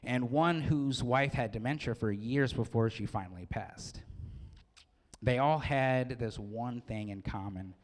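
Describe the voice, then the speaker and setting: A man's voice: medium pitch, a little slow. Joking forty-year-old man giving a speech. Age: 40s. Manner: joking, laughs often, self-deprecating. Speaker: wedding speaker. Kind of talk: wedding speech. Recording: long hall reverb.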